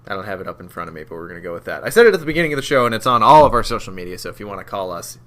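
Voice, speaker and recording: A man's voice: on the low side, sing-song, rapid-fire, a bit bright. A man hosting a podcast, upbeat and steering the casual chat along. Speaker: podcast host.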